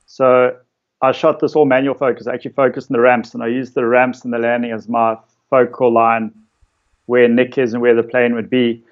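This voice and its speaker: A man's voice: mid-range voice, a little fast, highs cut off. Man telling shoot stories. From South Africa. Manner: relaxed storytelling with many fillers. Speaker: interviewed photographer. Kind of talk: casual conversation.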